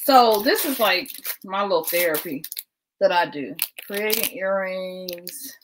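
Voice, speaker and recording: A woman's voice: on the low side, expressive, unhurried, background noise. A woman, hosting a casual livestream from home, chatting with viewers and laughing often while she packs. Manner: chatty, keeps addressing viewers as y'all. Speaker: livestream host. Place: at home indoors.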